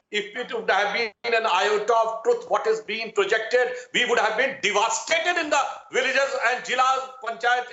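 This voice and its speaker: A man's voice: high voice, pushed and bright. Emphatic Indian man on a roomy, dull feed. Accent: Indian English. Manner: measured, emphatic point-by-point. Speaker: party spokesperson. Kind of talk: political debate argument.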